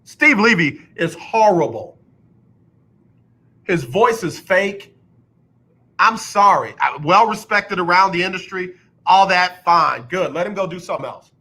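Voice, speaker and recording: A man's voice: high voice, sharp tone. A man hosting a sports talk radio show, ranting bluntly and repeating his points for emphasis. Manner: mocks others with exaggerated announcer impressions. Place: radio studio.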